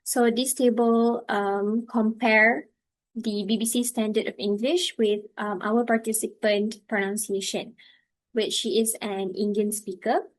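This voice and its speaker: A woman student presenting her part of a class project, halting and using fillers as she explains. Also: a little high, little pitch movement, rough recording. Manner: halting, with fillers and slow stretches.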